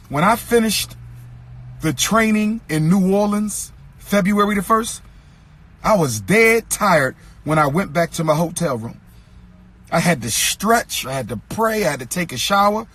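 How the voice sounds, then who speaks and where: Fiery, husky-voiced man preaching in repeats. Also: high-pitched, lively intonation, measured pace. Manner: preacher-like cadence, repeats lines for emphasis, rises to shouts. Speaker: lecturer. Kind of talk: impassioned speech to an audience.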